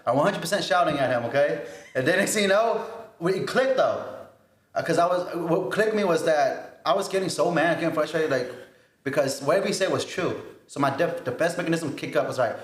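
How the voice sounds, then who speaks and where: A man in his twenties telling a story on a casual podcast, animated and laughing often. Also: on the high side, a little fast, echoey room. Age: 20s. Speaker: podcast co-host.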